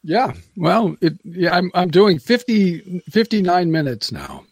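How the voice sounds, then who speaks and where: A man's voice: high voice, sing-song, measured pace, breathy edge, no room sound. A man, a former radio broadcaster, chatting casually as a podcast guest, rambling and restarting his sentences and laughing often. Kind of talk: casual chat.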